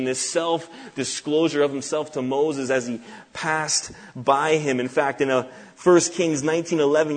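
A male pastor delivers an earnest expository sermon in a voice of ordinary middle pitch. He reads long scripture passages aloud, then lowers and softens his voice for the quoted divine words.

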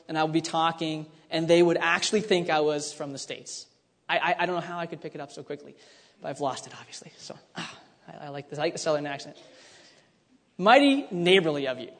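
A man preaching a conversational sermon, teaching with frequent restarts and asides. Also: on the high side. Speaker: pastor. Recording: long hall reverb.

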